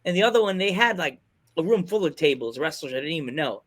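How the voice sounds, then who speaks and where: A man hosting a podcast, telling rambling, excitable stories in casual chat. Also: a little high, fast talker. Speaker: podcast host.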